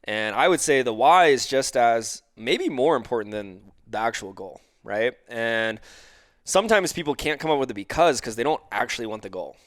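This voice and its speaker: Man coaching with quick acted-out examples. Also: mid-range voice, lively intonation, no room sound, clean studio sound. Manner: explains with examples and acts out quoted client dialogue. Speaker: guest life coach. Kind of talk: conversational podcast interview.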